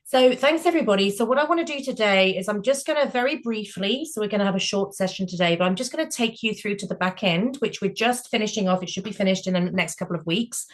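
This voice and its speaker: A brisk, upbeat woman hosts an online meeting over a video call. She explains things step by step in a middle-pitched voice. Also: lively intonation. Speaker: project founder and meeting host.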